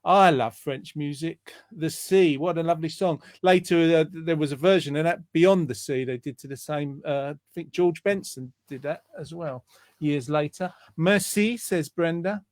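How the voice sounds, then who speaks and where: A man's voice: on the high side, moderate pace, darkish tone, no echo. A man hosting a casual online show over a video call, chatting and reading viewer comments aloud with plenty of fillers. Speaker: host.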